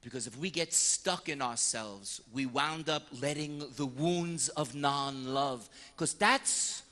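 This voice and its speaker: A priest giving a lively sermon on confession, acting out penitents and priests in short voices. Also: male voice, fairly high pitch, measured pace, few pauses, in a large hall. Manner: animated storyteller, slipping into voices of penitents and priests.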